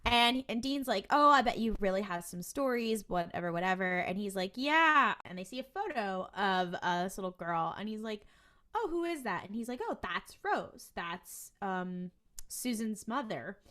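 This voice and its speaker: A woman co-hosting a podcast, chatting casually through an episode recap. She tells it in an animated way, often slipping into quoted lines from the characters. Her pitch sits in the middle of the usual range. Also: normal speed. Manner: animated storytelling with quoted voices and laughs. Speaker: podcast co-host.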